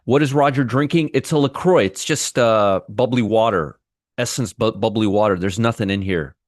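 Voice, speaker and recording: A man's voice: lowish voice, normal speed, no room sound, studio quality. A middle-aged man hosting a casual trading livestream, rambling and greeting viewers one by one by name, with frequent restarts. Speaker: trading show host.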